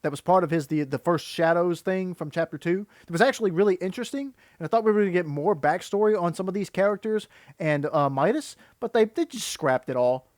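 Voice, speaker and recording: A man's voice: sits high, lively intonation, a little fast, no room sound, clean studio sound. A man giving critical, exasperated reaction commentary that rambles and restarts. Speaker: video commentator.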